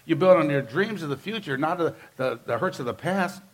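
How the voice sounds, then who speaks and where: A man's voice: fairly high pitch, expressive, a little fast. A man preaching a sermon as pastor, talking to the congregation in an emphatic, conversational way and driving points home with repeated phrases.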